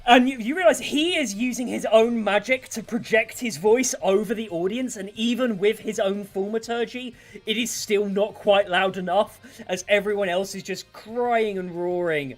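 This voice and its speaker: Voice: medium pitch, normal speed. A game master narrating a tabletop fight in vivid, gory detail over faint background music.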